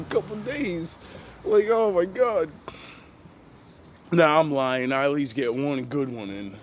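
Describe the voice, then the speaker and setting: Young man, vlog monologue, slow unhurried delivery with frequent laughs, noisy street around him. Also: a little high. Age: young adult. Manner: laughs often, swears freely, drifts off topic. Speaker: vlogger. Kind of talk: rambling storytelling monologue.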